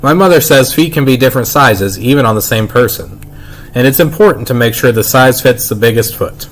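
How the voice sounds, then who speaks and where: A man reading a children's novel aloud in first-person narration, unhurried and plain. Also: mid-range voice. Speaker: reader.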